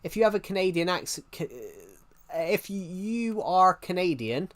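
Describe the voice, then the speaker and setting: A man's voice: sits high, animated, normal speed. Rambling English male livestreamer. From England. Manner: rambling, many restarts, chatting to viewers. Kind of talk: casual live stream chat.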